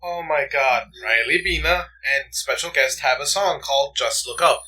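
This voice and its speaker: A man co-hosting a casual movie podcast, animated, laughing often and swearing freely. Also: medium pitch, moderate pace, recorded from a distance, rough recording. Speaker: podcast co-host. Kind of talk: casual chat.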